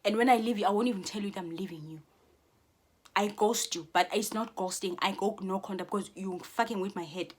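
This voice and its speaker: A woman vents straight to her viewers in a heated, profanity-laced monologue. She repeats words and restarts her sentences as she pushes her points. Her voice sits at an ordinary middle pitch for a woman. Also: fairly quick, slightly rough. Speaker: vlogger.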